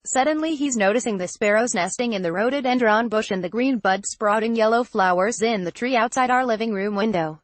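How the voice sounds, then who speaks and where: A woman narrating a memoir excerpt in an even, measured reading voice that changes little for the quoted lines. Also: a little high, no room sound. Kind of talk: steady read-aloud narration.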